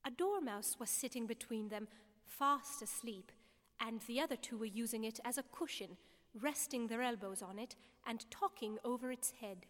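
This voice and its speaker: A woman reading a classic children's story aloud in an unhurried, measured way. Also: fairly high pitch, a bit bright. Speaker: narrator. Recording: long reverb.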